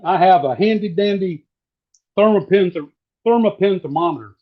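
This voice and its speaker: A man from southeastern Virginia, chatting casually while demonstrating how to fry catfish. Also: high voice, normal speed. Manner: folksy, relaxed, drawling. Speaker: cooking guest. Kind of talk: casual cooking demo on a live stream. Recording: dull lo-fi stream audio.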